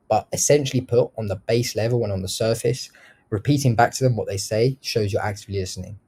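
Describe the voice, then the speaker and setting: A man with a lowish, warm, mellow voice teaching sales in a casual way. He talks bluntly, swears freely and shows each point by switching his tone. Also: slightly rough. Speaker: sales trainer. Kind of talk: casual instructional talk.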